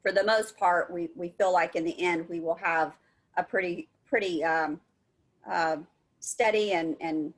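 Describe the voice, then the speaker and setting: A woman's voice: fairly low pitch, a little slow. Woman on a video call webinar, chatty, lots of ums and restarts. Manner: casual, lots of fillers and restarts. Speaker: co-op center staff, building a database. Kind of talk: webinar discussion.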